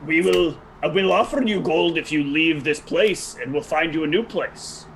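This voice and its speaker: A man speaks in a gravelly voice, pitched slightly high, trading quick retorts as his tabletop character. A faint hiss sits under the voice. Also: fairly bright tone. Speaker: player.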